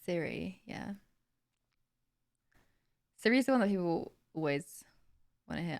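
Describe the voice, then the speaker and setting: A woman's voice: mid-range voice, lively intonation, unhurried, creaky, pauses often. Chatty young woman streamer. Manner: chatty, answers chat questions, laughs often. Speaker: livestream host. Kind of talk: casual chat with viewers.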